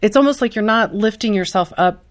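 A woman's voice: medium pitch, a little fast. A woman guest speaking candidly and earnestly in an interview, a mother of a child with special needs. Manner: earnest, heartfelt, lively retelling.

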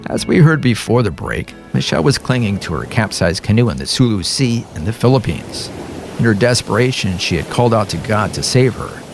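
A man's voice: on the low side, very animated, brisk, creaky, over music. A male interview host who introduces the guest and listens attentively. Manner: attentive, supportive backchannel listener. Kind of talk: interview hosting.

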